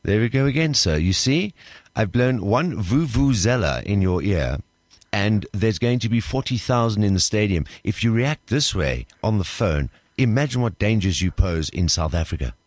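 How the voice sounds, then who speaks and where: Low voiced guy doing a deadpan prank call, stiff and polite, dry studio sound. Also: normal speed, no echo. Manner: formal, hesitant, politely officious. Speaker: radio prank caller.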